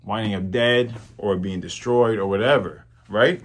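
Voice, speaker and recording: A man's voice: on the low side, steady tone, unhurried. A man doing a sneering young cook. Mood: scornful.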